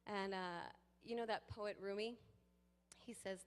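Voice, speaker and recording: A woman giving a sermon to a congregation, lively and playful, with laughing asides to the people in the pews. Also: medium pitch, a little slow, smooth. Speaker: guest speaker. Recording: long hall reverb.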